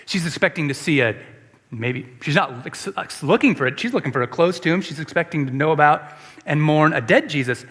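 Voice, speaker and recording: In a church sanctuary with long reverb, a male pastor preaches a sermon, emphatically repeating rhetorical questions to the congregation. His voice is fairly high-pitched and a bit bright.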